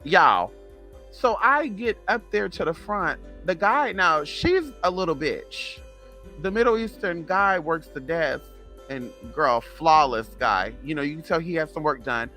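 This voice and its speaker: A woman in her thirties telling a sassy, profane storytime in casual vlog chat, animated and gossipy. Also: low-pitched, measured pace, faint music behind. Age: 30s. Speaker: vlogger.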